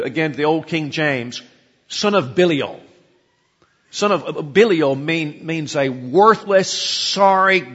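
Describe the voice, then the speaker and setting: A male preacher delivers an emphatic sermon in a fairly high, slightly husky voice, repeating words as he builds each point. The recording is dull and lo-fi, washed in a long hall reverb. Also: fairly bright tone.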